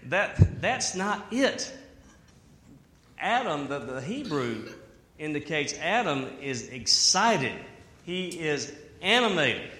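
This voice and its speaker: A man preaching a sermon in an animated way, with humor and asides. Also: a little high, slow, pauses often. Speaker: pastor. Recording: echoey hall.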